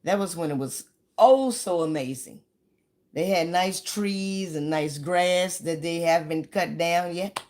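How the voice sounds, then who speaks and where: A woman comedian telling stories in a chatty, rambling way, now and then breaking into sudden shouts and sung bits. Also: on the low side, measured pace. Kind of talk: casual stand-up storytelling.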